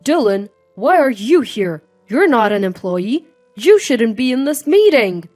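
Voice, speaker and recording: A woman voicing a scheming, arrogant middle-aged male executive who shouts and mocks. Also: a little high, normal speed, soft background music, close to an everyday voice. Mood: furious. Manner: shouting and mocking.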